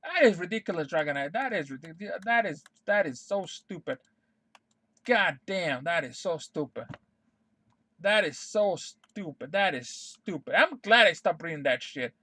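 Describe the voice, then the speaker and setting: A man's voice: a little high, expressive, measured pace, pushed and bright. A young man streaming live, ranting to his chat in a heated, exasperated way, swearing a lot and repeating his refusals over and over. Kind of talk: unscripted rant to stream chat.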